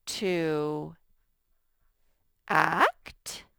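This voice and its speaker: A middle-aged woman teaching a lesson to young children, reading example sentences in a slow, sing-song way. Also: deep voice, vocal fry, pushed and bright, clean tone, no room sound.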